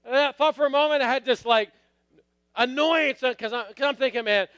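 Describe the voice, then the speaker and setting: A man's voice: extremely high pitch, fairly quick, fairly bright tone, clean tone, no echo. A middle-aged man preaching a sermon, telling a story with acted quotes and calling out to the congregation. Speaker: pastor.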